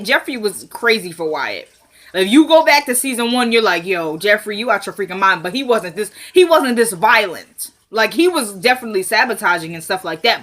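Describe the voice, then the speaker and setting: A woman's voice: medium pitch, a bit bright. A woman casually recapping a TV episode, retelling scenes with "he was like" and adding her own side comments.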